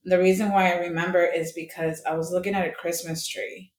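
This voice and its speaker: A woman's voice: lowish voice, level tone, a little fast. A young woman from Colombia, a podcast guest, candidly telling a personal story, swearing freely and acting out the voices of people she quotes. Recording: echoey room with faint ambience.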